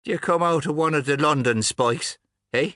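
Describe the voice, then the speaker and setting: A man's voice: a little high, normal speed, no echo, clean studio sound, voice pushed up, lightly acted. Man putting on an old Irish tramp. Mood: gruff. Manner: broad dialect, lively rising voice.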